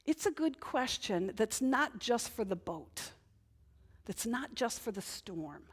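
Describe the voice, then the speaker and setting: In church, a woman pastor from Northern New England preaches slowly in a husky, very animated voice that sits on the high side. Her sermon feels like a conversation, full of "right?" tag questions.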